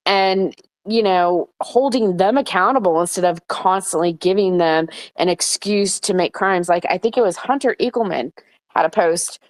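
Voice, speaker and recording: A woman's voice: lowish voice, moderate pace, no echo. Blunt, heated woman hosting an audio chat. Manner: blunt and heated, swears often. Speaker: host of an online audio room. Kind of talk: casual political chat.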